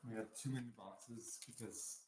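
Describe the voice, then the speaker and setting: A man working as cameraman, making dry, low-key casual remarks from behind the camera. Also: steady tone, normal speed, darkish tone. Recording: very echoey, off-mic with faint noise.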